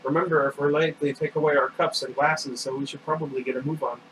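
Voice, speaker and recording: A man's voice: fairly high pitch, steady tone, quick pace, noisy background, lightly acted. A bookish, thoughtful teenage boy, as a man reading aloud plays him, talking in a sensible, slightly raised voice. The mic sits far off and an air conditioner hums steadily behind.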